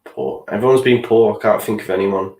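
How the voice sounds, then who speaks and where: A young man hosts a live football watchalong, talking through the match in a frustrated voice and now and then swearing. His voice sits low. The sound bounces around an echoey room. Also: fairly even intonation, a little fast, darkish tone. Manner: frustrated, swears, reads out viewer chat. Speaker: fan channel host.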